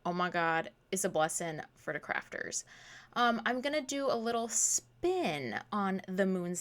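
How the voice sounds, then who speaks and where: A woman's voice: medium pitch, animated, unhurried, a bit bright. A young woman in her twenties narrating her crafting vlog in a casual voice-over, bubbly and gushing, laughing at herself. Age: 20s. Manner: bubbly, gushing, self-deprecating, says "literally" and "oh my god" a lot. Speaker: crafting vlogger.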